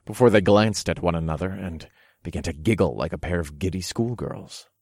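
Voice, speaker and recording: A man narrating an erotic audiobook in the first person, calm and commanding. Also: sits low, a little fast, no room sound, studio quality.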